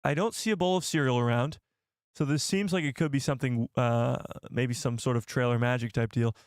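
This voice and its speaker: A young man hosting a live stream in a loose, jokey way, thinking aloud and reading out comments from his chat. His voice sits at an ordinary middle pitch. It is recorded dry and close, with almost no room sound. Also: fairly quick, no echo.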